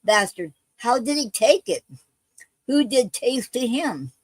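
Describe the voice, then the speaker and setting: Lady reading a bold warrior lord, slow and even, no room echo. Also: a little high, husky, full character voice. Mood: urgent. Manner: plain, measured reading aloud. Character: bold male nobleman and warrior.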